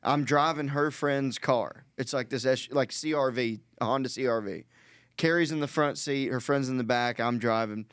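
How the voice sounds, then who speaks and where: A man co-hosting a podcast, telling a story in casual chat, animated, laughing and swearing freely. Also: medium pitch, moderate pace, smooth, no room sound, studio quality. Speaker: podcast co-host.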